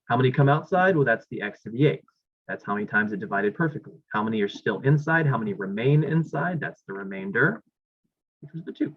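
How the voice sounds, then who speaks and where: A man's voice: mid-range voice, lively intonation, fairly quick, husky. A male math instructor giving a classroom lecture, thinking aloud and correcting himself as he works problems on the board. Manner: talks while writing, thinks aloud, self-corrects. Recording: dull lo-fi classroom recording.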